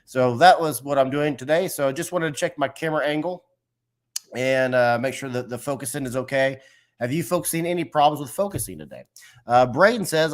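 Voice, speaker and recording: A man's voice: medium pitch, expressive, brisk. Rambling man chatting on a livestream. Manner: rambling, friendly, reads chat aloud. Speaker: host of a livestream. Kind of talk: casual live-stream chat.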